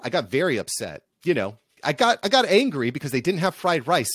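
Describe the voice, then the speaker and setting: A man from the United States, a podcast agency founder, telling stories in an upbeat, animated way as an interview guest. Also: fairly high pitch, fairly quick, few pauses, no echo, clean studio sound. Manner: upbeat, energetic, animated storyteller. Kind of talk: casual interview storytelling.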